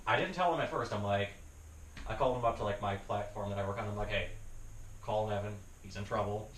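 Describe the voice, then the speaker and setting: A man's voice: fairly low pitch, brisk. A young man, a podcast host, telling a story in casual chat, swearing often and laughing as he goes. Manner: profane, laughing, animated storytelling. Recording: roomy, distant mic with faint noise.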